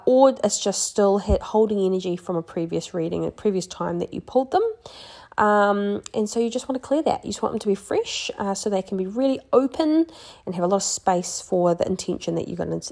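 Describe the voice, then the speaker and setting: A young woman talks through card reading in a gentle, chatty teaching manner, pausing on plenty of ums and restarts. Her voice carries a gravelly fry at the ends of phrases, set at an ordinary middle pitch for a woman. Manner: gentle, chatty, many fillers and restarts, light laughs. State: pregnant, yawning. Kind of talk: casual instructional talk.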